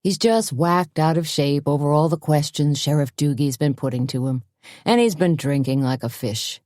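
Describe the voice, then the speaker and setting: A woman's voice: sits low, moderate pace, darkish tone, no room sound, studio quality, close to an everyday voice. A woman voicing an easygoing, folksy bartender in an audiobook. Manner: folksy and offhand.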